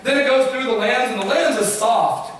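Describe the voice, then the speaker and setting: A middle-aged man, a guest speaker, gives a lively science talk to a congregation and keeps quizzing them with "okay?" and "right?". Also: very high-pitched, normal speed, slight background noise. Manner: questions the audience often, with frequent "okay?" and "right?". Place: church hall. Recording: very echoey hall, from far off.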